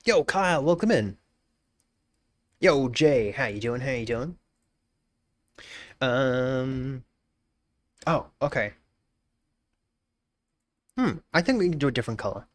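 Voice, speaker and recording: A man's voice: mid-range voice, lively intonation, takes it slowly, long pauses. An Australian man live-streaming, casually greeting chatters and thinking aloud while he works, often repeating his phrases.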